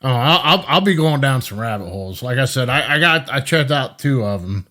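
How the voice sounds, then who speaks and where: Halting male podcast host. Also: medium pitch, animated. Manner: warm, halting, stumbles over his words. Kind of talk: casual interview on a video call. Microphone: video call.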